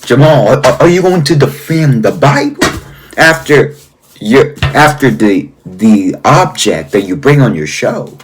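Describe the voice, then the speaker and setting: A man, a pastor, giving confrontational commentary, scolding someone and repeating their name, and slowing down to stress key phrases. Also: medium pitch, lively intonation, faint music behind. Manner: slow, deliberate emphasis on key phrases. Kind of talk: confrontational commentary and reading aloud.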